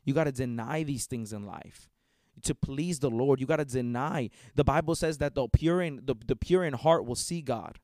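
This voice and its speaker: A man's voice: medium pitch, normal speed, a little mellow, no echo, studio quality. A man hosting a podcast, preaching in a fervent, repetitive monologue full of restarts. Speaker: podcast host.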